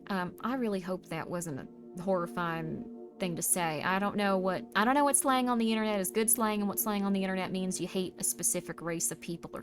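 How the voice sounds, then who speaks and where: A woman streamer chatting casually with her audience in a rambling, playful, self-deprecating way. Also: mid-range voice. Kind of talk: casual livestream chat, reading chat messages. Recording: stream mix with music playing under the voice. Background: background music.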